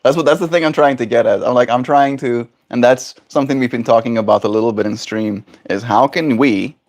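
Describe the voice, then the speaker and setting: A man's voice: medium pitch, fairly quick, darkish tone. Young guy streamer rambling to chat, casual and thoughtful. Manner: rambling, reflective, talks to chat. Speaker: livestreamer.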